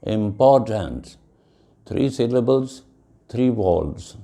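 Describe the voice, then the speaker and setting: A man teaching a lecture on pronunciation, speaking slowly and deliberately and spelling words out letter by letter. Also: mid-range voice, lively intonation, mellow. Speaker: English teacher. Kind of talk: classroom lecture.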